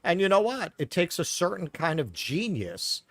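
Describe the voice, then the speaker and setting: A man's voice: high voice, huge pitch swings, moderate pace, fairly bright tone, no room sound, studio quality. Sarcastic profane man with a Queens accent. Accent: New York. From Queens, New York. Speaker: podcast co-host. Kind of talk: casual political commentary.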